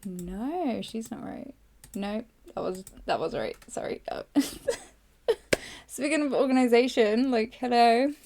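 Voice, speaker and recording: A young woman hosting a podcast, hoarse and tired, rambling through a casual live journaling session close to the mic. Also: fairly high pitch, animated, a little slow, a little mellow, a little hiss or hum. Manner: rambling, filler-heavy, self-deprecating. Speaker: podcast host. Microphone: close microphone.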